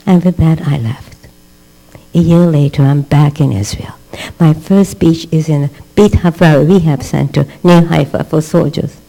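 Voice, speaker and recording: An older woman tells a story to her class as a dramatic storyteller. Her voice sits low and mellow, with little brightness. A steady mains hum runs faintly under the recording. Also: unhurried, vocal fry, low-quality recording. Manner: dramatic storyteller who acts out quoted voices. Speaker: rebbetzin teaching a class. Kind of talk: storytelling lecture.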